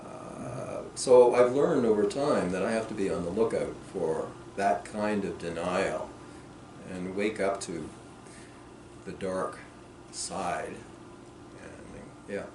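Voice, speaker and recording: A man, the author at a workshop, discussing clinical ideas in a thoughtful way that slows and trails off softly. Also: low voice. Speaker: author answering questions at a workshop. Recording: roomy and distant with faint noise.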